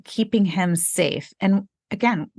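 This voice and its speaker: A woman's voice: mid-range voice, slow, no room sound. A woman in her forties, a podcast guest, telling her story candidly and acting out the lines she quotes with animation. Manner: animated, acts out quoted dialogue.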